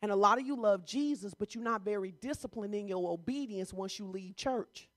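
A woman's voice: medium pitch, brisk, dry recording, clean studio sound. A woman pastor preaching a sermon in a conversational, teasing way.

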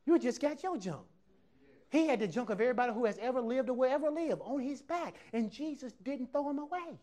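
High-voiced man preaching an animated sermon. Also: brisk. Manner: animated preaching, acts out quoted voices, casual dialect. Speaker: pastor. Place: church service with congregation.

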